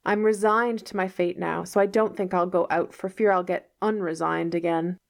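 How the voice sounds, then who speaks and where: A woman's voice: lowish voice, fairly even intonation, moderate pace, creaky. A woman reading aloud as a dramatic, imaginative orphan girl, with a theatrical, pleading manner. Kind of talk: read-aloud novel dialogue.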